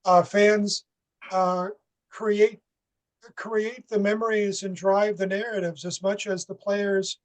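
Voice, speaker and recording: A man's voice: high voice, little pitch movement, slow pace, poor audio. Hesitant male author answering questions. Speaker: author presenting his work.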